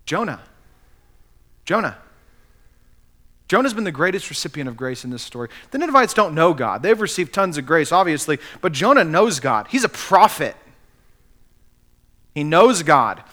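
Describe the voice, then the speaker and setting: A man's voice: a little high, sing-song, moderate pace, long pauses, pushed and bright. A man preaching a sermon as pastor, earnestly acting out the quotes he cites.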